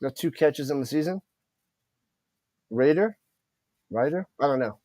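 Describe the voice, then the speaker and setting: A man's voice: a little high, measured pace, no room sound. A man streaming live play-by-play of a football game, talking to his chat and tripping over unfamiliar player names. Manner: excited commentary, chats with viewers, stumbles over names.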